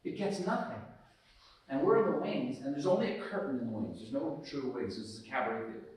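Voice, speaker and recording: A man from the United States speaking as a guest, telling a lively anecdote and acting out the scenes, often laughing. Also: mid-range voice, fast. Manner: lively, laughing storyteller who acts out scenes. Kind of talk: storytelling anecdote on stage. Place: large hall at a student society event. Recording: echoey hall, far from the mic.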